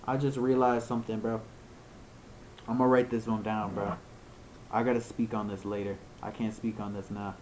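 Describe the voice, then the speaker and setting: Here a young creator's screen reaction comes through poor audio with slight background noise. The medium-pitched, darkish voice is flat and normal in speed with frequent pauses, yet still rants incredulously in heavy slang, swearing casually all along.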